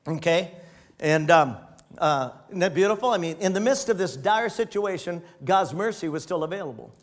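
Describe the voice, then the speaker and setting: High-voiced man preaching a sermon. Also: lively intonation, normal speed. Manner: reads aloud then breaks off to comment, laughing often. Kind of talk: sermon reading and commenting on scripture.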